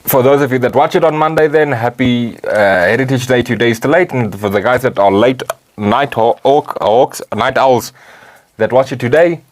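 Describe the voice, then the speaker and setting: A man's voice: mid-range voice, moderate pace. A man, hosting a podcast in casual, laid-back chat, swearing and laughing often. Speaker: podcast host.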